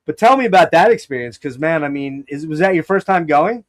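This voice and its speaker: A podcast host from Pennsylvania tells a long, rambling story in a casual chat, full of restarts and quoted asides. His voice is fairly high, animated and fairly quick.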